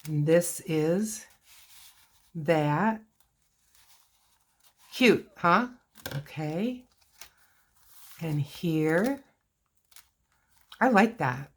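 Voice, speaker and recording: A woman's voice: sits low, animated, extremely slow, pauses often. A woman hosting a casual crafting video, chatting and talking to herself while she works on a journal.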